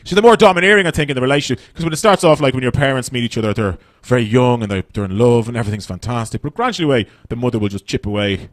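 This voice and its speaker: A man's voice: medium pitch, very fast, few pauses, dry recording. An Irish man in his thirties doing a stand-up comedy set on a club stage, chatty and swearing as he tells stories. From Ireland. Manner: chatty, swearing, animated storytelling.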